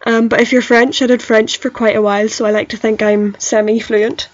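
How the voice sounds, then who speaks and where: A woman's voice: fairly high pitch, flat delivery, a little fast, no room sound. A young woman co-hosting a podcast, chatty, playful and self-deprecating. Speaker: podcast co-host. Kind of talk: casual chat. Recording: dull lo-fi sound.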